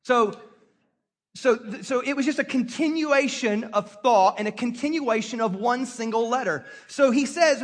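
High-voiced storytelling man preaching. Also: fairly quick. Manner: conversational storytelling preacher, animated call-and-response. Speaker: pastor. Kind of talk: sermon.

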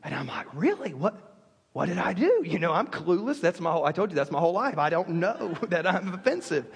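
A man's voice: a little high, animated, quick pace, in a large hall. A man preaching a sermon as a pastor, telling stories with self-deprecating humor.

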